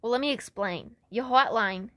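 A woman's voice: a little high, normal speed, pushed and bright, dry recording. A woman reading palms in a casual comedic chat, giggly and playful, stumbling over her words. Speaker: palm reader.

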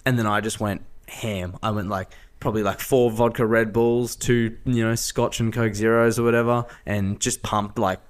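A fairly low-pitched man chatting as a podcast guest. He tells his story loosely and animatedly, jumping up high whenever he mimics other people. He laughs often as he goes. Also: normal speed, hardly any pauses. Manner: animated storyteller, acts out quotes with big pitch jumps; laughs often while telling. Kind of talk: casual storytelling chat.

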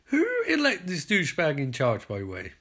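A British man hosting a podcast, giving an excitable, sarcastic, sweary running commentary on a show. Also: fairly high pitch, normal speed, slightly rough. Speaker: podcast host.

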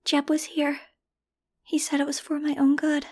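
A woman voicing a weak, frightened little girl who speaks in a faint, breathy whisper in an audiobook reading. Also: high voice, completely flat delivery, moderate pace, pitched above the performer's own voice, natural voice.

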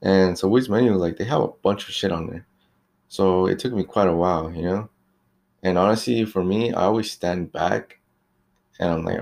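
A young man who works at a fast-food shop, talking in a loose, chatty rant about rude customers. He swears freely and fills his talk with "like" and "you know". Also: sits low, fairly even intonation, vocal fry, darkish tone. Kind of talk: casual ranting monologue.

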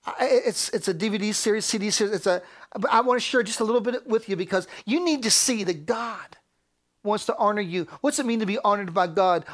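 A man preaching a sermon as a pastor, fervent and repetitive, rising to near-shouts and dropping to hushed whispers. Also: high-pitched, fairly quick.

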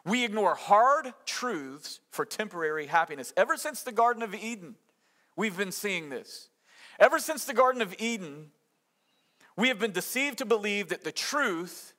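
High, bright-voiced preacher man. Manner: conversational and emphatic, with rhetorical questions and acted-out quotes. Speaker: pastor. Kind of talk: sermon.

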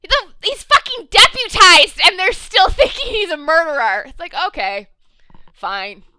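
High, lively, bright-voiced woman. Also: unhurried, dry recording. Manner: animated, sarcastic, acts out characters in quotes. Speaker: podcast co-host. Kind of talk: casual TV recap chat.

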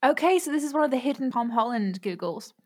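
An American woman co-hosting a podcast, easygoing and quick to laugh, with dry jokes. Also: high voice, lively intonation. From United States. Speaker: podcast co-host. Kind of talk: casual chat.

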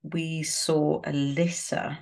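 A woman co-hosting a podcast, recapping a reality show in a relaxed, chatty way. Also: low voice, slow pace, creaky. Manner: relaxed recapping with fillers and laughs. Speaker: podcast co-host.

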